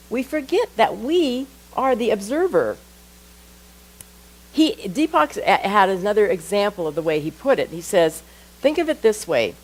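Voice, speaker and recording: Woman minister, sermon, animated pitch, unhurried delivery, reads passages slowly. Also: poor audio. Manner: lively storytelling, acting out her own thoughts with rising voice.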